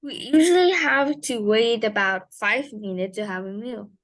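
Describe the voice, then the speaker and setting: A woman's voice: fairly high pitch, a little slow, dry recording. A woman learning English who answers her teacher in short, hesitant replies. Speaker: English student.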